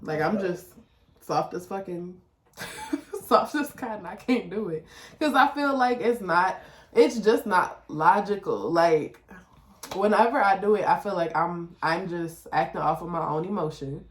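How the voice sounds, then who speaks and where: A woman's voice: animated, measured pace. A woman co-hosting a podcast with a Detroit accent, chatting candidly and with a lot of profanity, often laughing. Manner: candid, profane, laughing often, imitates her child in a high voice. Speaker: podcast co-host. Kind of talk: casual chat. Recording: echoey room.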